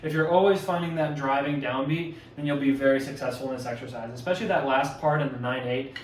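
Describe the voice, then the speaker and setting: A man's voice: mid-range voice, quick pace, slight background noise. A man giving a casual walkthrough of drumline audition exercises, talking loosely with fillers and self-corrections. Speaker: drumline instructor. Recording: echoey room, mic at a distance.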